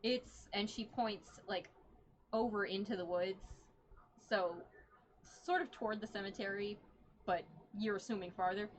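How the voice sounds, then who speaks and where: A woman's voice: mid-range voice, a little slow, a little hiss or hum. A woman narrating a tabletop game as game master, in a casual, laughing way.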